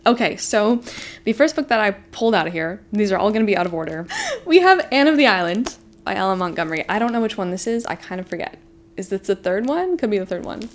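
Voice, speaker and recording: A woman's voice: medium pitch, fast, a little hiss or hum. Gushing young woman book vlogger. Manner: gushing, excitable, talks to viewers as friends. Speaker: book vlogger and book club host. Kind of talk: casual chat to camera.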